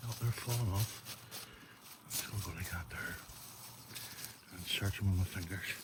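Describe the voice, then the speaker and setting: A garden vlogger from Northern Ireland walks through his garden outdoors, filming on a handheld phone camera and chatting casually to viewers, whom he keeps calling folks. His voice sits low and he talks fairly quickly, and the audio is very noisy.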